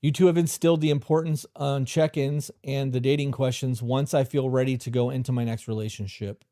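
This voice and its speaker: A man talks straight into the mic in a dry, close recording, hosting a live stream. He gives blunt, profane relationship advice and reads out chat questions. His pitch sits in the middle of the usual male range. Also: fairly even intonation, brisk, mellow, dry recording. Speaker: host.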